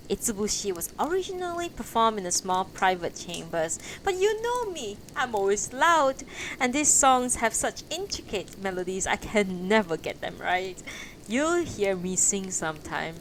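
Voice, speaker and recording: Haraguchi, a loud hearty painter read by a woman. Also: medium pitch, a little hiss or hum, rough recording. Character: loud affirmative cheerful middle-aged male painter.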